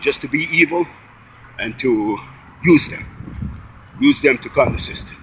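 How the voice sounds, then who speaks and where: A man's voice: medium pitch, unhurried, a bit bright, slight background noise, rough recording. A man out of breath, walking a bike uphill outdoors and angrily accusing, with many restarts and repeated words. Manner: accusing, repetitive, stops and restarts often. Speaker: vlogger. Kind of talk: angry recorded monologue.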